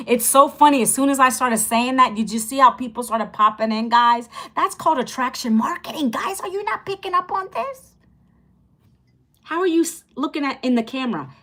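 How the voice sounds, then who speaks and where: A livestream host in her fifties teaches about making money online in a chatty, upbeat way, welcoming viewers and repeating phrases as she goes. Her voice is medium in pitch, with a bright, forceful tone.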